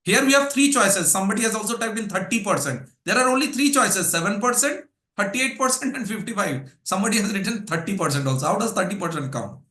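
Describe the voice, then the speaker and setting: High, bright-voiced coach. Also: male voice, quick pace, hardly any pauses. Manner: energetic, drills points with rhetorical questions and lists. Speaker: English speaking coach. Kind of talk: live workshop teaching.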